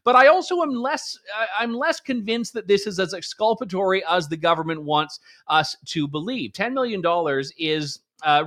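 Male pundit with a high voice, talking straight to camera in a wry, sarcastic monologue. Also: fairly bright tone. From Canada. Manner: sarcastic, conversational, emphatic. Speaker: political commentary show host. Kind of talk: opinion commentary monologue.

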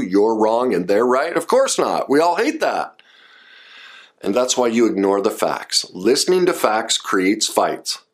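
A man giving advice to listeners as a coach, talking emphatically and acting out short example quotes. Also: lowish voice. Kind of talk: direct-address advice talk.

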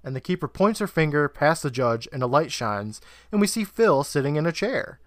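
A man's voice: fairly high pitch, big pitch swings, normal speed, no echo, studio quality. A man co-hosting a podcast, recapping a TV episode beat by beat and laughing along. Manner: narrates plot beats, laughs often. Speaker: podcast co-host.

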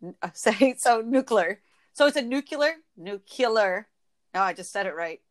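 A woman with a Michigan accent hosting a casual podcast chat, playful and quick to laugh as she acts out phrases. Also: medium pitch, animated. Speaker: podcast host.

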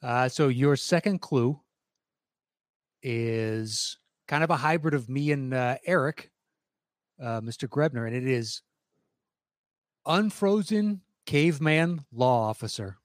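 A man hosting a music trivia podcast, upbeat and reading clues slowly and deliberately. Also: medium pitch, dry recording, studio quality. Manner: upbeat, reads clues in a slow deliberate cadence. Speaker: game show host.

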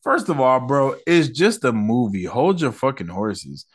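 A young man giving casual reaction commentary, slang-heavy and profane, rambling fast and bursting into loud, animated rants. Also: husky. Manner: loud, profane and animated, swinging into high outbursts. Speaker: online commentator.

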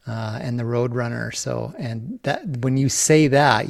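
Slow-talking man hosting a podcast. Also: medium pitch, gravelly, no room sound. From Canada. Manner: relaxed, with many fillers and restarts. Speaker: podcast host. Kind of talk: casual solo podcast talk.

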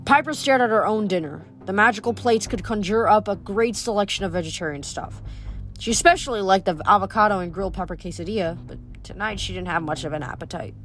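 A woman reading a novel aloud in a steady storytelling voice, stumbling over a word now and then. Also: medium pitch, quick pace, soft background music. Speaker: audiobook reader.

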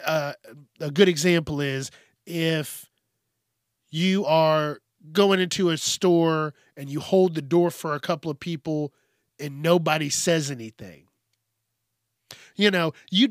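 On a solo podcast, a man with a voice on the high side rants bluntly and casually, swearing a lot. The sound is clean studio quality with no echo.

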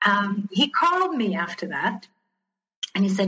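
A woman speaks candidly as a podcast guest, recounting her own story in a lively way and slipping into the words of the people she describes. Her voice sits at a middling pitch for a woman. The audio is a little dull and lo-fi. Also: a little slow, long pauses. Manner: candid, animated retelling, often quoting others. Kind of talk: personal storytelling in conversation.

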